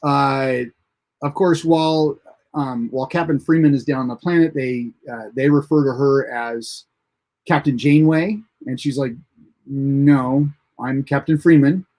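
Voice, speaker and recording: Speaking at a moderate pace in a steady, darkish, medium-pitched voice, the host of a live TV episode review recaps the plot casually. His telling wanders, full of fillers and restarts, and he chuckles whenever he reaches something funny.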